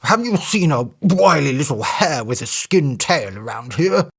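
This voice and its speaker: A reader doing a gruff, blustering storybook elephant. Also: medium pitch, big pitch swings, unhurried, a bit bright, full character voice. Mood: wheedling, puffing. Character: big angry male elephant, strong.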